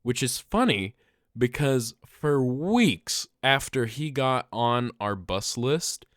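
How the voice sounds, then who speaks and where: Young male podcast co-host, animated comic storyteller, slow easy delivery, dry close mic. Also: medium pitch, no room sound. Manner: animated, laughs often, breaks into loud yelled bits. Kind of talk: casual comedic storytelling.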